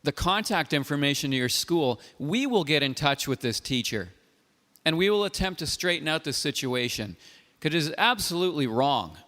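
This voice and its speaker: A man hosting a call-in show, speaking in a calm, earnest and measured way. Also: on the high side. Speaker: host. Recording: long reverb.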